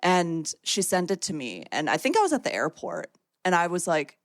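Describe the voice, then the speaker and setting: A woman's voice: fairly low pitch, big pitch swings, normal speed, no room sound, studio quality. A woman co-hosting a casual podcast, explaining things thoughtfully and at length. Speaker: podcast co-host. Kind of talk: casual chat.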